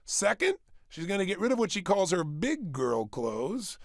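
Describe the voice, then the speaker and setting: A man with a high, gravelly voice gives a very animated motivational workshop talk to a small studio audience. He's emphatic, loves repeating phrases, and rattles off rhetorical questions in quick succession. There's no echo.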